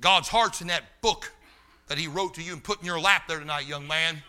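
Preacher guy, folksy and fired up, slightly high voice, shouts now and then. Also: a little fast. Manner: fervent, folksy, rising to shouts; loses his place, talks to the room. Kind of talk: sermon.

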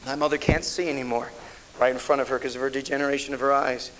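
A man's voice: mid-range voice, little pitch movement, quick pace, a bit bright, slight background noise, low-quality recording. A middle-aged man preaching a sermon as a pastor, telling stories in a rambling way with many restarts. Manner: rambling anecdotal delivery with frequent restarts. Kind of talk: storytelling sermon.

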